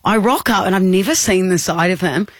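A young woman co-hosting a radio show, telling a story in lively casual chat and acting out the voices. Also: fairly low pitch, brisk, no room sound. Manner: animated storyteller, acts out voices, laughs often. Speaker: radio co-host. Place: radio studio. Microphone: studio microphone.

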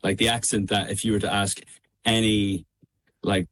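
A young man with a midlands Irish accent, chatting casually as a radio guest over a remote call, easygoing with frequent ums and quick laughs. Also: on the low side, level tone, fairly bright tone, slight background noise. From Ireland. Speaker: guest singer.

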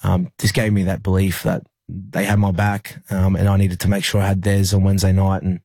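Australian male athlete, interview guest, low husky voice, loose rambling delivery. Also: monotone, a little fast, darkish tone, no room sound. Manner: rambling, many fillers and restarts. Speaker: rugby league player, interview guest. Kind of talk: emotional personal recollection in an interview.

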